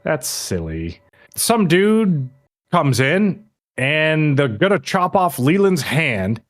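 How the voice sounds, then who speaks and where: A man's voice: on the high side, slow. A man co-hosting a podcast, animatedly recapping an episode in casual chat and acting out lines. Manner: animated storyteller, acts out lines. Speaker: podcast co-host.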